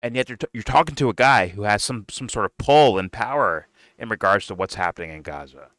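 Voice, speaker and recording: Fields: Sex: man. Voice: bright, dry. Style: profane, ranting reaction commentary. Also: lowish voice, brisk, no room sound. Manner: animated, loud, swearing, mocking, rants. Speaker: reaction stream host.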